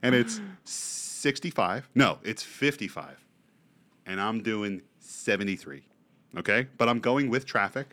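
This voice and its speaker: A young man in a loose podcast conversation, cursing freely and acting out his own gasps and shouts. His pitch jumps all over as he tells the story. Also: a little slow. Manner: animated storyteller, swears freely, acts out his own reactions. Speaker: podcast co-host. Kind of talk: casual chat.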